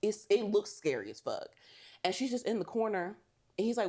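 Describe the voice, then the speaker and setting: A woman's voice: medium pitch, sing-song, brisk, darkish tone, husky. A woman co-hosting a podcast, animatedly recapping a movie in casual chat, swearing and laughing often. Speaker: podcast co-host.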